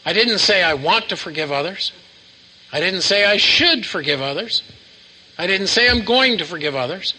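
A man's voice: sits high, expressive, normal speed, sharp tone, low-quality recording. A man preaching a sermon to a live congregation, asking questions and having them repeat lines back to him.

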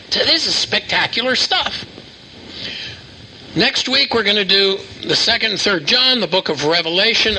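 A man's voice: sits high, bright, forceful tone, slight background noise, rough recording. An older man preaching a sermon in a folksy storytelling manner, full of asides and repeats. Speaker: pastor.

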